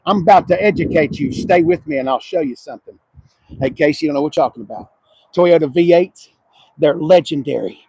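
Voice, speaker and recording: A high-pitched, gravelly middle-aged man with a drawl, reviewing cars on an outdoor lot. He jokes and swears loudly, mocking what he finds. His voice is husky, and the sound is dry and close. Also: lively intonation, brisk, dry recording, rough recording. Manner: profane, mocking, loud joking rants. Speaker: car reviewer host. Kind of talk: casual walkaround car review.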